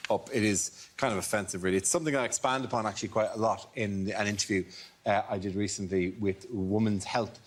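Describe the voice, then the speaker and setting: A man's voice: on the low side, steady tone, fast talker. A man hosting a comedy panel show, putting questions to the panel and trailing off into dry, self-mocking asides. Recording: noisy TV studio with audience.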